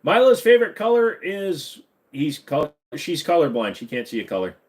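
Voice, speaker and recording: A man in his mid-thirties hosts a casual live-stream Q&A. He reads chat questions aloud and answers them offhand. His delivery swings between mumbled asides and loud bursts of hype. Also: a little high, big pitch swings, normal speed. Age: 30s.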